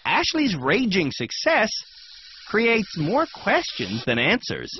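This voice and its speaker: Man, TV host narration, wry, fairly high voice, dull lo-fi sound. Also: huge pitch swings, slow, slight background noise. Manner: wry, dry humor. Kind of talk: scripted TV narration. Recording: dull lo-fi TV audio with music.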